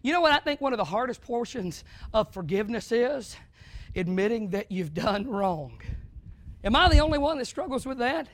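A male preacher delivering a sermon with dramatic swings from hushed to shouting. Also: extremely high pitch, sing-song, normal speed.

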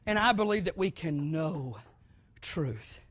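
A man from the American South preaching a sermon, moving from quiet, conversational talk up to loud, shouted preaching. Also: fairly high pitch, expressive, slow pace, no room sound.

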